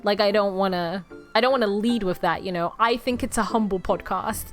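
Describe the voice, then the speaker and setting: A young woman streaming and chatting casually, animated and self-deprecating, often breaking into laughter. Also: mid-range voice, fairly quick, soft background music. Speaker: VTuber streamer.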